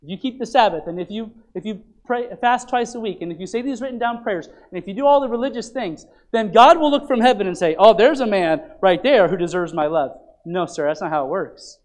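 A man preaching a sermon, swinging from loud, urgent preaching to soft, low pleading, often repeating phrases and restarting sentences. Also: lively intonation, fast, hardly any pauses.

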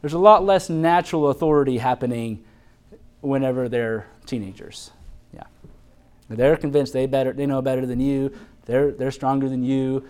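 A man's voice: fairly even intonation, normal speed, a little mellow, clean tone. A man preaching a conversational sermon on parenting, earnest, with frequent restarts and light laughs. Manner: shifts into high mock voices quoting mothers. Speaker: pastor.

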